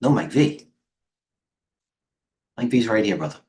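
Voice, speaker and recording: Middle-aged male trading coach, low-pitched, loose and excitable, riffs on charts to his viewers. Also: a little slow. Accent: New York. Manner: rambling, excitable, chatty with viewers. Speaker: trading coach hosting a livestream. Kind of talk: casual live market commentary.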